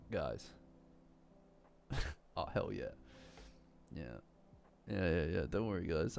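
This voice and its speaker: A man's voice: sits low, very animated, slow pace, vocal fry, pauses often, a little mellow, a little hiss or hum. A young man chatting casually on a live stream in a rambling, self-deprecating way.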